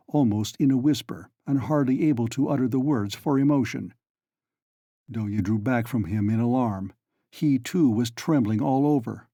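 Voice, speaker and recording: A man narrating an audiobook in a measured, even reading style. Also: mid-range voice, no echo, studio quality. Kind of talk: scripted narration.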